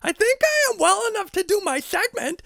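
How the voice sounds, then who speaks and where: Casting: a high-pitched, gravelly little cartoon boy, chatty and dramatic, swooping wildly up and down. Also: very animated, fairly quick, bright, forceful tone, no echo, clean studio sound, heavily acted. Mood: relieved. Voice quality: high squeaky voice with a gravelly edge. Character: excitable young cartoonish boy. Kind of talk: children's podcast puppet role.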